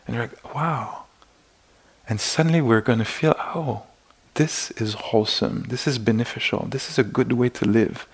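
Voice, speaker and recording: A man with as his gives a meditation dharma talk in a gentle, searching way. His voice carries a gravelly edge at a middling pitch. He often pauses to act out small inner exclamations. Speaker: meditation teacher. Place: meditation retreat hall.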